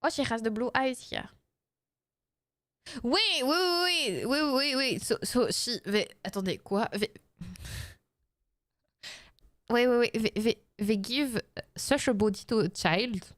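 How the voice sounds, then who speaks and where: A young woman streamer, reading game lines aloud and reacting excitedly while thanking her chat. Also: on the high side, slow pace, no echo.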